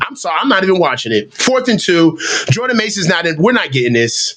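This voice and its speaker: Man, high voice, very lively pitch, profane, exasperated fan reaction. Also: fast talker. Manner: profane, exasperated, rants and mocks the coach; excitable, voice jumps up when shouting. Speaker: fan commentator. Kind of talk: live game reaction commentary.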